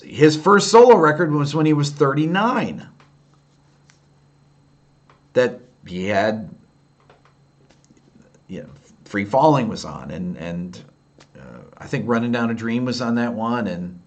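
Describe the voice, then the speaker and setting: A man in his fifties with an upstate New York accent, chatting candidly on a late-night livestream and answering viewers' comments in a rambling way. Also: mid-range voice. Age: 50s. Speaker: livestream host answering chat.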